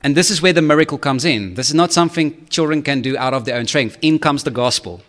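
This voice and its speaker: A man preaching a sermon earnestly, often checking in with listeners and pushing his pitch up to stress key points. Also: fast talker. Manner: earnest, checks in with frequent "okay?" and "right?"; swings to high, louder emphasis on key points. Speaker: pastor.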